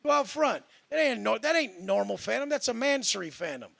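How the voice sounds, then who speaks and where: Gravelly, high-pitched man ranting profanely. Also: sing-song, brisk, a bit bright. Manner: profane, boastful, combative. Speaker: panel guest. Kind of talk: heated panel debate.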